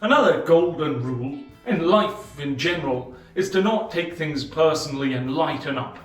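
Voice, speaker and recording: A man with a slightly raised voice explains a book in a measured way, leaning on pauses and emphasis. He sits a little back from the mic in an echoey room. Soft music plays faintly behind him. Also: on the high side, animated, distant mic. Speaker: channel host summarizing a book. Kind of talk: explanatory book-summary monologue.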